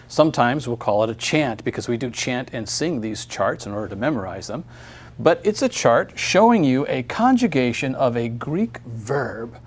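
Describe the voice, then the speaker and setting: A man teaching a recorded grammar lesson, friendly and upbeat, explaining step by step. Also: mid-range voice.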